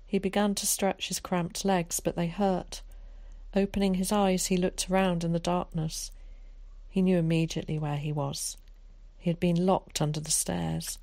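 A woman narrating an audiobook in a steady, measured storytelling voice. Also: lowish voice, vocal fry, no echo. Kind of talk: scripted narration.

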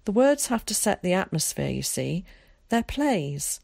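A woman reading aloud, voicing an eager, theatrical schoolboy who loves to show off, in a lively, dramatic way. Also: on the low side, unhurried, vocal fry, no room sound, studio quality, exaggerated voice.

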